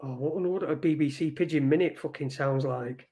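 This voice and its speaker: A man's voice: on the high side, fairly quick, warm tone. A man hosting a live stream, rambling through news headlines in a casual, sweary commentary. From Britain. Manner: rambling, swears often, reads headlines aloud.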